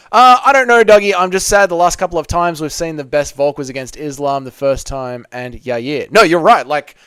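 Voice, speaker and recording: A man hosts a casual live stream, reading out viewer comments and joking back at them. His voice is a touch higher than most men's, and the close desk mic gives a dry sound with no room echo. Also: smooth. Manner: loose, joking, banters with viewers.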